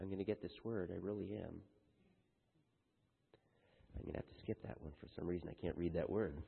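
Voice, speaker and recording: A man's voice: deep voice, creaky, husky. A man reading humorous cards aloud to a congregation in a light-hearted way, stumbling over words now and then. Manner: jokey, halting reader who stumbles over words. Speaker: speaker reading Mother's Day cards to an audience. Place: large hall with house lights. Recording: echoey hall on a thin phone-like line.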